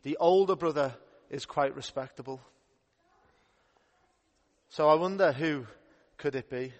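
Playful youth minister in a hall. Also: male voice, on the high side, a little slow. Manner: playful, upbeat storytelling to children. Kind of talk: children's Bible story talk. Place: church hall. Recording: echoey hall with long reverb.

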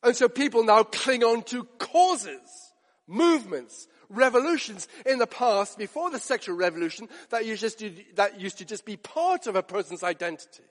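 A man's voice: high voice, expressive, moderate pace, fairly bright tone. A man preaching a sermon, earnest and building to emphatic rhetorical questions. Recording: long hall reverb.

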